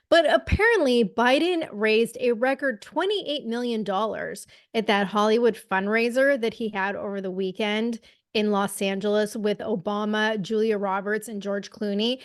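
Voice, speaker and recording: A woman's voice: mid-range voice, no echo, clean studio sound. A woman co-hosting a political podcast, talking bluntly and indignantly with plenty of swearing. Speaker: podcast co-host. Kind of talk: casual political chat.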